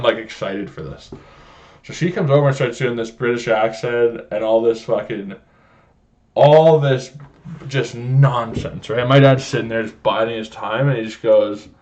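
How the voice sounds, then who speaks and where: A young man from Canada hosting a podcast, telling rambling stories in casual, heavily profane chat. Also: medium pitch. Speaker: podcast host. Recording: slightly dull lo-fi sound.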